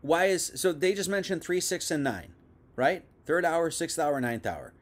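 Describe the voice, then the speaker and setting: A man's voice: a little high, expressive, unhurried. A young man giving a casual, conversational Bible teaching, full of asides and restarts. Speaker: preacher.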